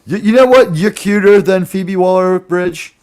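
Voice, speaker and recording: A man's voice: high voice, normal speed, darkish tone, clear, resonant tone. A man hosting a casual chat, joking around, laughing often and slipping into silly put-on voices. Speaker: host.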